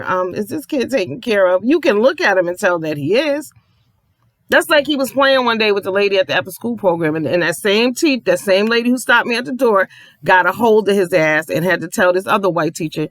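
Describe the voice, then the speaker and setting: A mother telling a long story in a casual rant, profane and animated, acting out the people she quotes. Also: medium pitch, brisk, dry recording.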